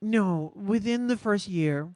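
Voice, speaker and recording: A woman co-hosting a podcast, telling a personal story in a measured, reflective, earnest way. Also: medium pitch, a little mellow, dry recording, clean studio sound. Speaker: podcast co-host. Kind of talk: casual podcast conversation.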